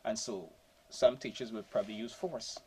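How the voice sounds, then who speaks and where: A man adding measured points on a panel. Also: lowish voice, steady tone, dark tone, a little hiss or hum, low-quality recording. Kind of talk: panel discussion.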